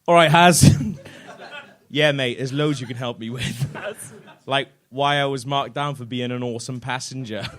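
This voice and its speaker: A man's voice: medium pitch, a little slow, a bit bright. A man hosting a live comedy podcast, telling a story and reading out messages in mock voices while laughing often. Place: theatre stage before a live audience.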